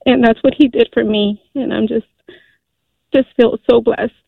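A woman in her forties calling in to a radio show, telling a personal story earnestly, with many halting fillers. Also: a little high, steady tone, vocal fry, no echo. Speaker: caller. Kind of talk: call-in radio testimony. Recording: tinny phone line.

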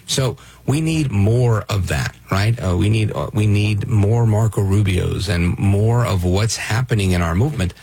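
A man's voice: on the low side, unhurried, vocal fry, hardly any pauses, a little mellow, slightly rough. A man from Brooklyn hosting a call-in radio show, talking emphatically and often asking "right?". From Brooklyn, New York. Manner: emphatic, restarts and rhetorical "right?". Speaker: radio talk show host.

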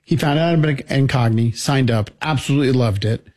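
A man co-hosting a radio show, telling quick stories in a jokey, chatty way. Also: medium pitch, darkish tone. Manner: jokey storyteller. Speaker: radio co-host. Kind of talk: casual radio chat.

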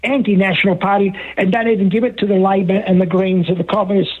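A man's voice: high voice, little pitch movement, quick pace. An Australian man calling in to a talkback radio show, talking in a rambling, repetitive and emphatic way. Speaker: caller. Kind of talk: talkback radio phone call. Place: phone call into a radio show. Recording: dull lo-fi phone line.

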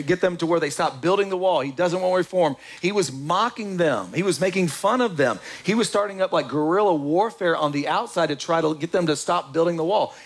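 A man preaching a sermon in a church, lively and joking with the congregation. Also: high-pitched. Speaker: pastor.

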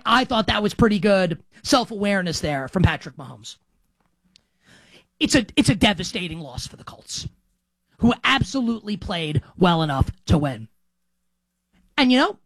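A man's voice: sits high, a bit bright, no echo. A man hosting a sports talk show, delivering an opinionated commentary monologue with heavy use of "like".

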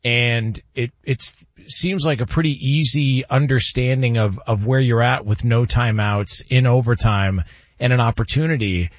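A man's voice: medium pitch, unhurried, no echo, highs cut off. A man hosting a casual sports talk show, questioning and sounding baffled. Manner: perplexed, animated questioning with laughs.

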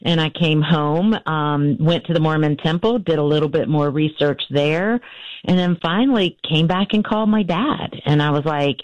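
A woman in her fifties, an author being interviewed, telling a family story earnestly with many pauses and restarts. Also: low-pitched, no echo, muffled recording. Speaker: author and guest.

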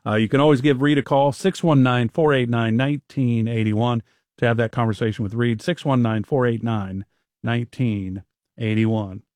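A man's voice: mid-range voice, steady tone, moderate pace, a little mellow, no echo, studio quality. A man in his fifties hosting a radio show, talking in an upbeat, chatty way. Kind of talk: casual radio chat.

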